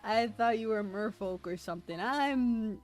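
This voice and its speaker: A woman streaming a history presentation live, excitable and self-deprecating, laughing often and reading chat aloud. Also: fairly high pitch, a little slow. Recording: faint music behind voice.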